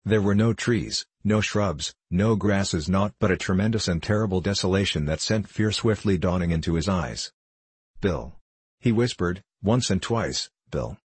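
A man narrating a story in a measured, even storytelling manner. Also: low-pitched, husky, no room sound. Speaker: audiobook narrator. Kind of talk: scripted narration.

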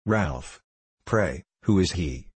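A man's voice: low-pitched, expressive, takes it slowly, a little mellow, slightly rough, dry recording, full character voice. Man voicing a lost boy prince. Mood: earnest. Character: lost young boy prince, anxious and earnest.

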